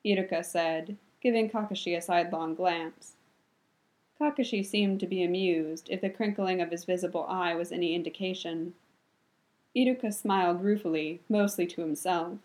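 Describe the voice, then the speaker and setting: Woman narrating a story, measured. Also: lowish voice, a little mellow.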